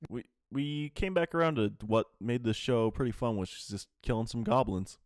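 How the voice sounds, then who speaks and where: A man's voice: medium pitch, animated, moderate pace, dry recording, clean studio sound. A man hosting a casual anime podcast, rambling through episode recaps with lots of fillers and swearing. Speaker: podcast host.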